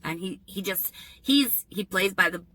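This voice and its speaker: A woman telling a personal story in a vlog, in an animated, emphatic storytelling manner. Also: medium pitch, a little slow, low-quality recording. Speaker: vlogger.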